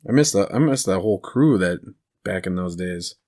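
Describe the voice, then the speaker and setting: A man's voice: low-pitched, lively intonation, moderate pace, darkish tone. A man co-hosting a podcast, chatting casually and rambling through stories while laughing at them. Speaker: podcast co-host. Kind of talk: casual chat.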